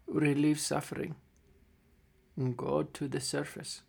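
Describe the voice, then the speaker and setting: A man voicing a gentle, proud old male deep gnome who is dying, speaking softly and haltingly. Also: little pitch movement, vocal fry, husky, exaggerated voice. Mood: tender, fading. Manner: soft, slow and halting.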